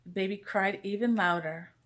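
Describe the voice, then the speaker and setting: A woman reading a children's picture book aloud, gentle and expressive in bedtime style. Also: medium pitch, normal speed. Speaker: storyteller.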